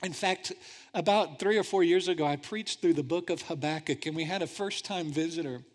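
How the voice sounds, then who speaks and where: High-voiced animated male pastor. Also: a little fast. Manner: animated storytelling, swinging from hushed to loud. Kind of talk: sermon. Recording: long church-hall reverb.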